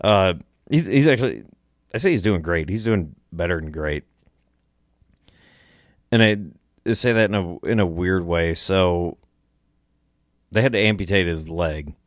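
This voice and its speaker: A man's voice: sits low, expressive, a little slow, pauses often, dry recording, clean studio sound. A man hosting a podcast, telling a story casually in a rambling, chuckling way, with restarts and swearing. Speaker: podcast host.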